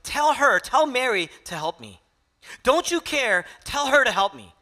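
A man's voice: high-pitched, big pitch swings, moderate pace, pushed and bright, pitched above the performer's own voice, heavily acted. A man voicing a frustrated, overworked woman who pleads to be noticed, in an exasperated tone.

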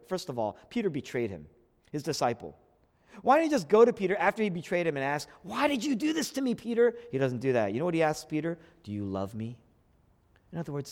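A man preaching a sermon as a pastor, swinging from loud emphatic peaks down to near-whispered lines. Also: fairly high pitch. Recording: long hall reverb.

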